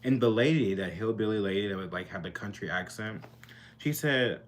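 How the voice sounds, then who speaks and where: A man's voice: on the low side, moderate pace. A young man telling a casual storytime to camera in his bedroom, chatty and sassy with lots of fillers. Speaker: vlogger.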